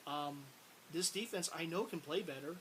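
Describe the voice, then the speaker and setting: Guy venting about his team on camera, kinda high voice, repeats himself a lot, bit of hiss. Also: normal speed, poor audio. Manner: frustrated, rambling, repeats words, bursts of exasperated shouting. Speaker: sports fan vlogger. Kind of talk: casual sports rant to camera. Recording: faint hiss.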